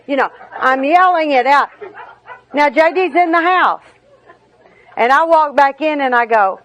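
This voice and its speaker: A woman's voice: high-pitched, lively intonation, unhurried, a bit bright, rough recording. Candid woman telling recovery stories. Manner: candid and humorous storytelling. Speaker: speaker at a recovery meeting. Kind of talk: personal recovery talk.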